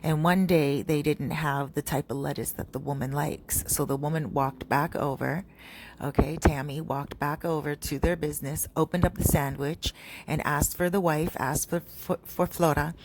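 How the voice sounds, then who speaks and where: Low-voiced woman telling gossip. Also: steady tone, normal speed, noisy background. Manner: chatty, gossipy, self-correcting with fillers. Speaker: storyteller vlogger. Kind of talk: casual storytelling.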